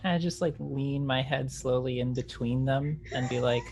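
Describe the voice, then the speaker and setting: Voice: medium pitch, fairly even intonation, moderate pace, background noise. A player in a tabletop game, talking playfully and cheekily about their character's moves.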